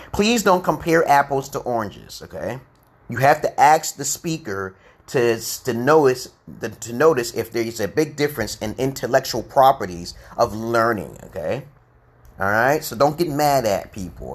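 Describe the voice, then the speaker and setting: A man in his forties giving a casual, rambling English lesson on a live stream, asking "okay?" again and again. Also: mid-range voice. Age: 40s. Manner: rambling, repeats "okay?" often.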